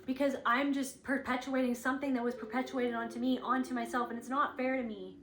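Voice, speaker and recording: A woman's voice: sits high, level tone, fairly quick, fairly bright tone, reverberant. A woman giving a rambling, earnest spiritual reading, casually swearing and acting out inner thoughts in quoted voices. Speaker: intuitive spiritual reader.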